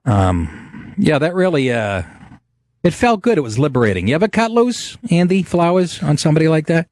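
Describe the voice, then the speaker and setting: A man's voice: fairly high pitch, sing-song, moderate pace, a little mellow, no echo, clean studio sound. A man hosting a podcast, ranting in a profane, blustering way. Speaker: podcast host. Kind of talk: casual ranting talk show.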